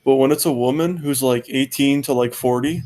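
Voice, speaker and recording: A young man co-hosting a movie commentary, telling stories in a crude, animated way with lots of swearing. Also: mid-range voice, normal speed. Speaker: commentary co-host. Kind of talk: casual movie commentary chat.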